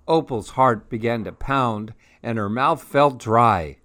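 A man reading a children's picture book aloud in a gentle, expressive way. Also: mid-range voice, slow. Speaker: storyteller.

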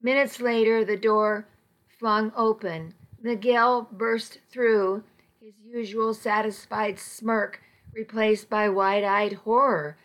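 A woman narrating a novel in the first person, measured and intimate. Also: medium pitch, fairly even intonation, a bit bright. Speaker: audiobook narrator.

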